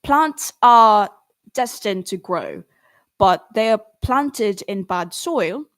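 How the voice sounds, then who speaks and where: A young adult woman, a singer talking casually and earnestly to fans on a livestream, encouraging and animated, with sudden rises in pitch. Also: slow pace. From Philippines. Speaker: singer and artist answering fans.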